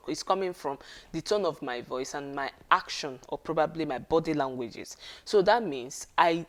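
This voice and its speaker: A woman giving an earnest, casual talk on marriage and often checking in with her listeners. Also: low voice. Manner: earnest, conversational, with frequent check-ins to listeners.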